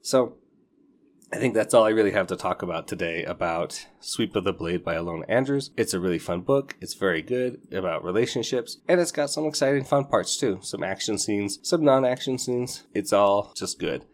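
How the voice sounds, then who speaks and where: A man's voice: on the low side, normal speed. A man hosting a book podcast, chatting casually and enthusiastically in a rambling way, retelling scenes with laughing asides. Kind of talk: casual book review chat.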